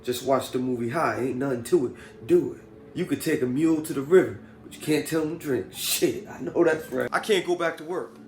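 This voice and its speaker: A man hosting a comedic movie review vlog, animated and profane, breaking into quick comic skits. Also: mid-range voice.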